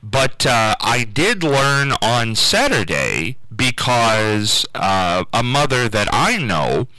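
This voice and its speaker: Rambling bright-voiced radio host, dry sound. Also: male voice, mid-range voice, big pitch swings, slow pace, no room sound, rough recording. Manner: rambling, full of fillers and restarts. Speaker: local radio talk show host. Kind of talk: casual call-in radio talk.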